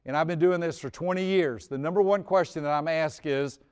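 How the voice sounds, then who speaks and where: High-voiced older man telling a story. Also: brisk, a little mellow, clear, resonant tone. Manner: folksy storyteller, humorous asides, repeats words. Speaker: speaker on personality types. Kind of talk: storytelling stage talk. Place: stage before a live audience.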